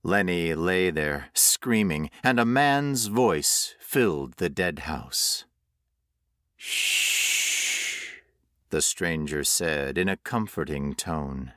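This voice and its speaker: A man narrating a horror audiobook in a slow, measured storytelling voice. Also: deep voice, animated, fairly bright tone, dry recording, studio quality.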